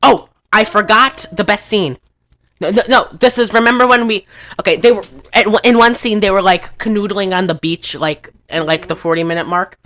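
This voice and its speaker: A woman hosting a casual chat, rambling through a movie recap, often laughing and clearing her throat. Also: mid-range voice, moderate pace, a bit bright. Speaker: podcast host.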